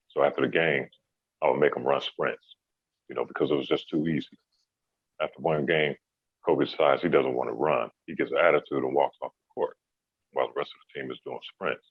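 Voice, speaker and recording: Very deep husky man on a phone line. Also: no echo. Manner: relaxed, laid-back, many "you know"s. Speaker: former basketball player telling a story. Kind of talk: casual storytelling in an interview.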